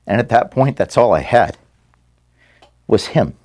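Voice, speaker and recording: A man close to tears giving a halting farewell address to his staff from an office room, repeating words and apologizing for his emotion. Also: mid-range voice, animated, darkish tone.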